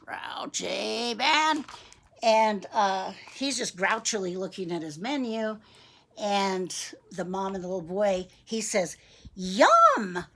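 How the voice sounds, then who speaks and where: A woman reading a picture book aloud to young children, gentle and chatty, asking them questions. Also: mid-range voice, unhurried. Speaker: storybook reader for young children.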